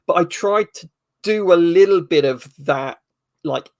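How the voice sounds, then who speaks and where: This guest author has a high-pitched voice and a measured pace, recorded dry. He gives relaxed interview answers in a thoughtful, somewhat hesitant way, slipping in dry humor.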